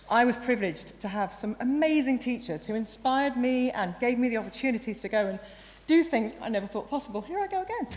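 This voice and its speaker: A woman in her forties, a university chancellor giving a graduation address, earnest and a little croaky, now and then correcting herself mid-sentence. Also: medium pitch. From England. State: croaky, emotional. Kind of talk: ceremonial speech. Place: large hall. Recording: reverberant hall, light background noise.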